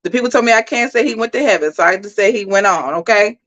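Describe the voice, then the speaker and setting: A woman hosting a livestream, giving animated, emphatic commentary and talking straight to her chat. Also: mid-range voice, very fast, lo-fi sound. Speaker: host.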